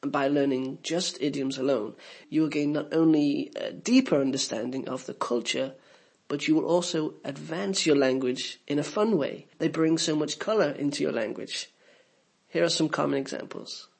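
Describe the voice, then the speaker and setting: A man reads a scripted English lesson in an explanatory, teacherly way. His voice sits a little high, with a gravelly, husky edge. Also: moderate pace, a little mellow.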